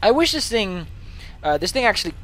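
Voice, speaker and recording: A man's voice: high-pitched, sing-song, fairly quick, fairly bright tone. A man giving casual, profane, rambling commentary over a video game. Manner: rambling, profane, self-mocking. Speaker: gaming commentator.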